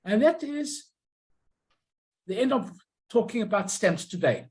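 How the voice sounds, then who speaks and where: This is an informal illustrated talk about an old collection, delivered by a presenter at an ordinary, middle pitch. The speech is halting, full of restarts and on-the-spot corrections, as each item is shown and explained. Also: expressive, a little mellow, low-quality recording. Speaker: presenter showing a collection of stamps and postcards.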